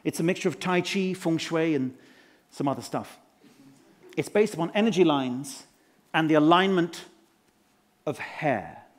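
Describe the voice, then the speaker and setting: A man's voice: a little high, measured pace, pauses often. A man playing a pompous, self-adoring management guru in a live stage comedy act, spouting rhymes and quizzing the audience from a conference stage. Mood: boastful. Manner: showy rhyming wordplay, quizzes the audience. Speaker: motivational speaker character.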